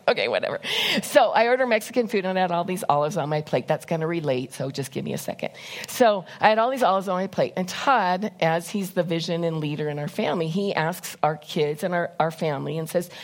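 A middle-aged woman speaks from the pulpit in a relaxed, conversational way. Her voice sits a little low for a woman. She moves between candid personal stories and a numbered list of points. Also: fairly quick. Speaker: church speaker. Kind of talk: conversational sermon.

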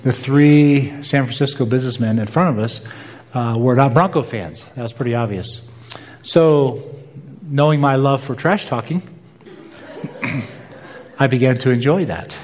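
A man's voice: mid-range voice, a little slow, long pauses, a little mellow, long reverb tail. A man preaching a sermon, telling a personal story and acting out both sides of a conversation.

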